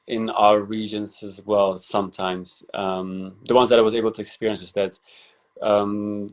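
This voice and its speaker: A man's voice: on the low side, lo-fi sound. A man from Afghanistan, a podcast guest, answering reflectively with many ums and restarts. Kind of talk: casual conversation.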